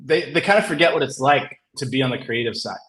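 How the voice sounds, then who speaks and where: A man's voice: mid-range voice, fast talker, a bit bright. A man, a comic writer and guest, telling a story in a casual, rambling way, filling it with "like" and laughing often. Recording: roomy echo.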